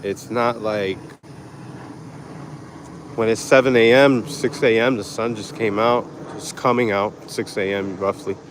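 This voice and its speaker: A man's voice: on the low side, steady tone, unhurried, noisy background. A man hosting a casual walk-and-talk live stream on an outdoor park path, chatting laid-back with viewers through a handheld phone.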